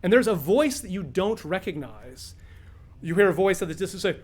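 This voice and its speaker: High-voiced upbeat male game master. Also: expressive, normal speed. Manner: upbeat, explanatory. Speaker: game master teaching beginners. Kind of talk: teaching and narrating a tabletop game. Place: room with a group of players.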